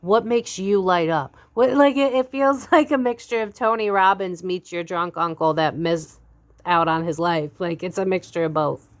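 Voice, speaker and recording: A woman's voice: lowish voice, moderate pace. A young adult woman giving a casual tarot reading to camera. She is blunt and candid, swears freely and laughs often. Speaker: psychic tarot reader.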